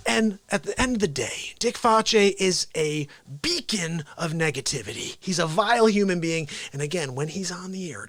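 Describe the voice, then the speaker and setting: Excitable man hosting a live stream. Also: high-pitched, normal speed, dry recording. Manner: excitable, jumps between shouting and quiet asides. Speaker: host of a daily live show. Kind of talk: unscripted live-stream chat.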